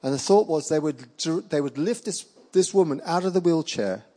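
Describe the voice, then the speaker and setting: A middle-aged man preaching, telling healing stories with lively acted-out quotes. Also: on the high side, normal speed. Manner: animated storyteller acting out quoted voices. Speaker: evangelist preacher. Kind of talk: sermon storytelling.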